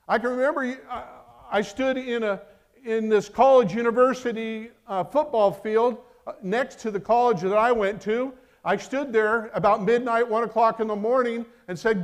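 A middle-aged man gives a sermon as pastor at normal speed in a high-pitched voice. He's emphatic throughout, shifting from loud declarations to hushed asides.

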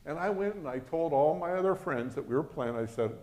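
A man's voice: a little high, expressive, fast, darkish tone. A man preaching a sermon, telling a personal story and acting out the voices of the people in it. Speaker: pastor.

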